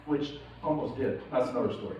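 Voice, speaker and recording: A man's voice: medium pitch, fast, dull audio. A man giving a casual, profane motivational keynote to a live audience, telling stories and laughing often. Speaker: keynote speaker. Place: large indoor event hall. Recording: echoey hall recorded from far off.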